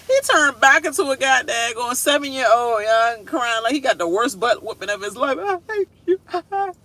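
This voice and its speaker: Sassy woman ranting about a show. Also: pushed and bright. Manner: sassy, laughing, mocks people in high whiny voices. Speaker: reality show commentator. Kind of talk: casual reaction rant.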